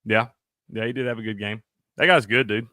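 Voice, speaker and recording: Brisk and lowish-voiced, a man co-hosts a casual sports betting discussion where he curses freely and laughs often, keeping things animated. The recording is dry, with clean studio sound.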